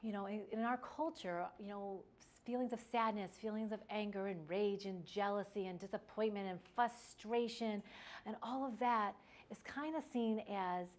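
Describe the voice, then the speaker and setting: A woman's voice: medium pitch, fairly even intonation, moderate pace. A middle-aged woman giving an instructional talk on parenting, chatty, with fillers and restarts. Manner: conversational, many fillers and restarts. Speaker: parenting educator.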